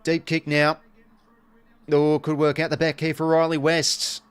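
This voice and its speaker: A man's voice: on the high side, steady tone, moderate pace, clean tone. An Australian man giving casual live play-by-play commentary on a stream, chatting to viewers between calls.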